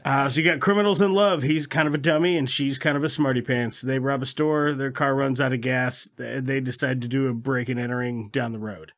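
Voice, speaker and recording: A man's voice: medium pitch, steady tone, a bit bright. A man hosting a movie podcast, chatting casually, joking and swearing as he recaps a film. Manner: profane, joking, quick to laugh. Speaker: podcast host. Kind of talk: casual chat.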